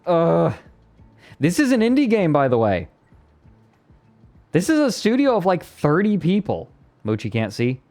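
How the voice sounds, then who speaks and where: A man streamer in casual live chat, excitable and prone to repeating words in quick bursts. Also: fairly high pitch, faint music behind.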